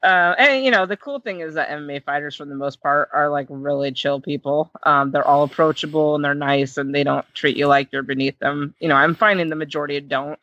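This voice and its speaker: A woman guest, a fight matchmaker, chatting in a casual interview, excitable and quick to laugh. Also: deep voice, no room sound, dull audio. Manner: excitable, laughs often, self-described nervous reactor. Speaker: MMA matchmaker and commentator, guest.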